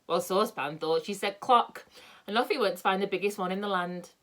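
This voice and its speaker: A woman reading a children's book aloud in a lively, expressive way. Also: medium pitch, a little fast. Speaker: storyteller.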